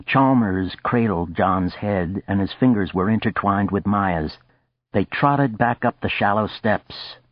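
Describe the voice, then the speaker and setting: A male audiobook narrator with a low, husky voice who reads in a steady, deliberate way. He is recorded close and dry, and the audio sounds slightly dull and muffled. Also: dry recording. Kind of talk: scripted narration of a novel.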